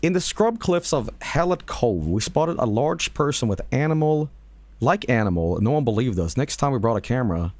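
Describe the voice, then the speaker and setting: A man streaming, casually reacting to videos with lively laughs and swearing. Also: medium pitch, normal speed, no room sound.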